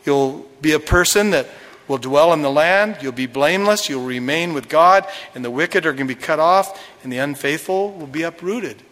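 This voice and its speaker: A man's voice: fairly high pitch, moderate pace, fairly bright tone. Man preaching a sermon in a reverberant hall. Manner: dramatic retelling with acted quotes. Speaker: pastor.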